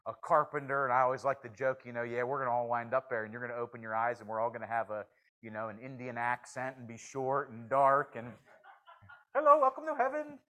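A man preaching a sermon in a folksy, joking manner, swinging from hushed confession to loud exclamations. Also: mid-range voice, level tone, fast talker, rough recording. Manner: shifts from hushed to shouting.

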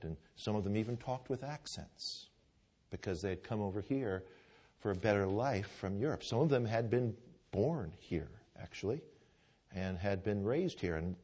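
This preacher's voice is lowish, mellow and slightly rough, delivered at normal speed with real animation. Telling a story from the pulpit of a pew-filled church, he speaks fervently and conversationally, often restarting lines and asking the congregation "Amen?"

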